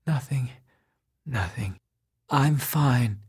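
A man's voice: mid-range voice, animated, drawn-out words, a little mellow, slightly rough, no echo, clean studio sound, heavily acted. A man voicing a frail, exhausted man with a thin, faint, tired voice that trails off weakly. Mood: faintly insisting. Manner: weak and whispery, trailing off.

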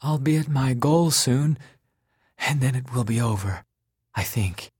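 A man's voice: mid-range voice, expressive, measured pace, a little mellow, husky, dry recording, studio quality. A man voicing a frail, exhausted man with a thin, faint, tired voice that trails off weakly. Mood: faintly insisting. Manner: weak and whispery, trailing off.

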